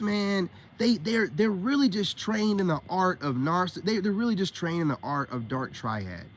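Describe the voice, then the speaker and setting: A man's voice: a little high, fairly bright tone, a little hiss or hum. A middle-aged man ranting to his viewers on a livestream in an emphatic, slangy way, repeating words in bursts. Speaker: self-styled spiritual coach.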